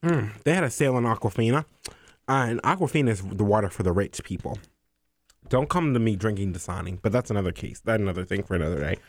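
A young man telling a story in a heated, profane rant, exasperated and animated as he vents. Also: fairly low pitch, quick pace, dry recording, clean studio sound. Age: young adult. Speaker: vlogger. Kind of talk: ranting storytime.

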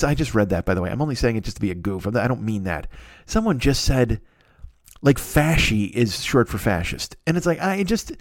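A man's voice: mid-range voice, no echo, clean studio sound. A man hosting a podcast who delivers a profane, mocking comedic rant about the sponsors and slang. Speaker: podcast host.

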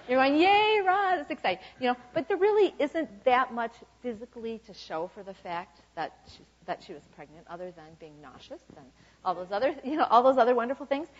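A woman in her fifties giving an informal, chatty sermon full of "okay" and "you know" asides. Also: medium pitch. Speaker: church speaker. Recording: dull lo-fi recording.

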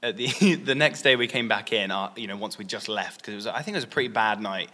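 A man's voice: fairly low pitch, quick pace, bright, forceful tone, in a large hall. A man who works at a nightclub, chatting casually, reacting and giggling a lot. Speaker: nightclub worker. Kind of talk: casual podcast chat.

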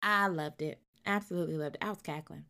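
A woman retelling a novel's plot in a casual chat, acting out the characters' lines and breaking into loud, colloquial asides. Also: deep voice, fast. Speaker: book reviewer. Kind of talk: casual book recap.

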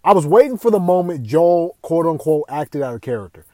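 A young man hosting a casual gaming podcast, talking in an excitable, profane, rambling way. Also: a little high, a little fast, no room sound. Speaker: podcast host.

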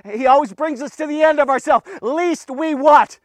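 Fervent high-voiced male preacher. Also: dry recording. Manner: fervent, emphatic, rapid swings between shouting and hushed talk. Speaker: podcast devotional preacher. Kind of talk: energetic devotional sermon.

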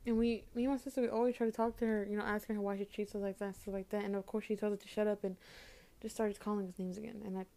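A young woman pours out her frustration in a halting, tearful vlog, stumbling over her words and starting sentences again. Her voice is mellow and soft-edged, held in a flat, narrow melody. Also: medium pitch. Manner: halting, repeats words, close to tears. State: upset, holding back tears. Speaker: vlogger. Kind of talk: emotional personal vent to camera.

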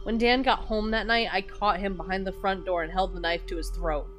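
A woman reads a horror story aloud for her podcast at a middle pitch. She acts out the characters' lines with loud, dramatic shouting. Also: steady tone, brisk, faint music behind. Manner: breaks into laughter, loud dramatic shouting in dialogue. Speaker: podcast host reading stories. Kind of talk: reading horror stories aloud.

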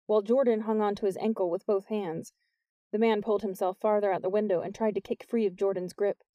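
Woman, audiobook narration, warm dark tone, dry close sound, reads the story steadily. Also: no echo. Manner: lifts her pitch for the characters' lines.

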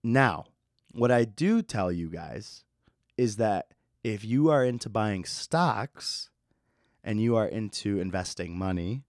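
A man's voice: on the low side, animated, slow pace, darkish tone, no echo, clean studio sound. A man in his twenties hosting a casual solo podcast, laid-back, swearing freely and laughing at his own stories. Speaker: podcast host.

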